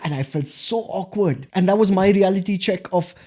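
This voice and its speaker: A man, a guest in a casual interview, telling animated stories about his start. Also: high-pitched, moderate pace. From India. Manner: animated storytelling, acts out quoted voices. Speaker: guest, beatboxer and MC.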